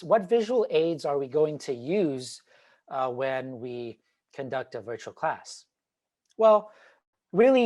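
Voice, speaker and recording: A man giving an online talk on teaching, animated and demonstrative, swinging between loud and quiet. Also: mid-range voice. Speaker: teacher trainer. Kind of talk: online presentation. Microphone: video call.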